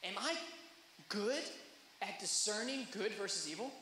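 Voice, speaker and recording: A man in his thirties preaching a sermon, telling stories that swing from hushed to loud. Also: high-pitched, animated, measured pace, slight background noise. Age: 30s. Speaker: pastor. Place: church hall. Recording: echoey hall.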